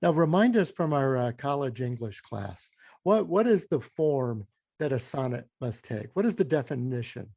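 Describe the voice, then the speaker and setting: A man's voice: medium pitch, big pitch swings, moderate pace, creaky, dark tone, no echo, studio quality. A man hosting a podcast interview, steering with short encouraging prompts. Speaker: podcast host.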